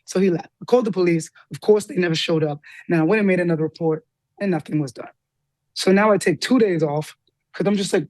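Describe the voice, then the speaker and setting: A woman guest telling a personal story with lively energy, acting out the voices of the people in it. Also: dry recording. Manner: lively, acts out quoted dialogue with big pitch jumps. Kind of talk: animated storytelling in an interview.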